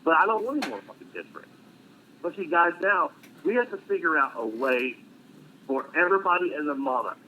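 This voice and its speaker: A middle-aged military veteran telling a story casually, blunt and profane with dark humor. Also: male voice, on the high side, big pitch swings, fairly quick. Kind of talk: casual storytelling on a live stream. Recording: tinny phone-like line with faint noise.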